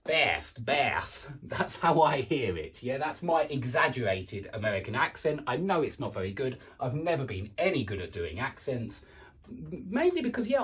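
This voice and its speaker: A man with a southern English accent teaching pronunciation online, repeating words with exaggerated contrast and chatty asides. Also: medium pitch. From southern England.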